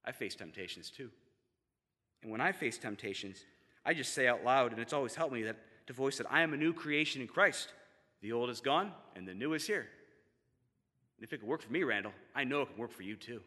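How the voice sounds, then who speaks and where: A man quoting an empathetic friend in a quiet, calm voice, in a reverberant hall. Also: mid-range voice, brisk, voice pushed down. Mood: gentle. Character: gentle, empathetic man of faith, soft-spoken.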